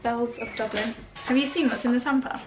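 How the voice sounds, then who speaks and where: A woman's voice: on the high side, fairly even intonation, brisk, noisy background. A woman hosting her own vlog, chatting casually and gushing as she unboxes gifts. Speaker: vlog host.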